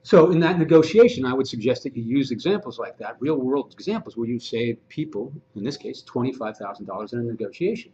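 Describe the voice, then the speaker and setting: A man, a real estate agent, giving a conversational training presentation to a room of agents, animated and fond of acting out dialogue. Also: mid-range voice, fast talker, hardly any pauses, lo-fi sound, a little hiss or hum.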